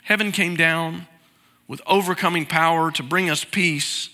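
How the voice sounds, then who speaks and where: A man's voice: on the high side, measured pace, bright, forceful tone. A middle-aged man preaching a conversational sermon from a church sanctuary, asking the congregation to repeat after him. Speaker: pastor. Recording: hall reverb.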